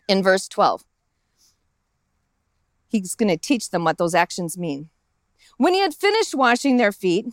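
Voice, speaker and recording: A woman's voice: on the high side, no echo, studio quality. A woman pastor giving a conversational sermon outdoors in a park, acting out the lines of the characters in the story as she goes.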